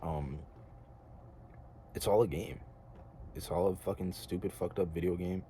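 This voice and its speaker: Young man, deep mellow voice, earnest and rambling casual monologue, faint room hiss. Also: steady tone, unhurried. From United States. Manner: earnest, rambling, slangy with filler words. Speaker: vlogger.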